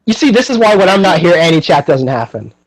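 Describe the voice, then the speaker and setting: A man's voice: sits high, sing-song, fast talker, no room sound, poor audio. A young man hosting a podcast, chatting casually and animatedly, with lots of fillers and frequent laughter. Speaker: podcast host.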